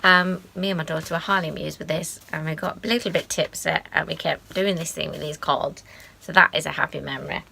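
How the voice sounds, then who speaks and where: A woman in her forties from the UK, chatting casually and sentimentally as she shows keepsakes to her channel, with quiet asides. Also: low voice, fairly even intonation, fairly quick, creaky, a little hiss or hum. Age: 40s. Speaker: craft vlogger. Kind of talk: casual show-and-tell.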